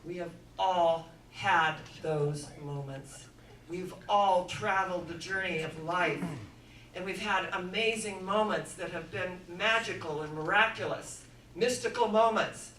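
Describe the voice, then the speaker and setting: Bright-voiced woman preaching in echoey room. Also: fairly low pitch, measured pace, distant mic, a little hiss or hum. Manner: dramatic storytelling, swinging from hushed to loud. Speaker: inspirational speaker. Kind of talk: sermon-like storytelling talk.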